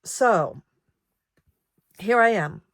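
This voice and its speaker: A woman in her sixties, a savings vlogger, who talks in a halting, reflective and emotional way, with many ums and restarts. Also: mid-range voice, expressive, dry recording, clean studio sound. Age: 60s. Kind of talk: personal vlog chat.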